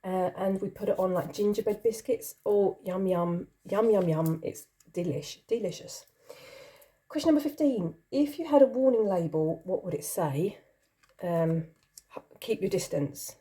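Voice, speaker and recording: Host role: middle-aged woman, mellow tone, rambling giggly chat to camera. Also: mid-range voice, unhurried. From not from the country she lives in. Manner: chatty, rambling, giggly, self-deprecating. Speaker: channel host. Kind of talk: casual chat answering a question tag.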